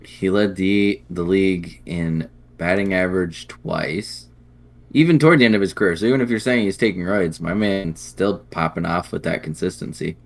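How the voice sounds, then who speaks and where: Man, very low voice, casual podcast chat, dry jokes, reciting stats. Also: moderate pace, gravelly. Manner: dry, jokey, reels off stats. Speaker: podcast co-host. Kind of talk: casual chat about baseball.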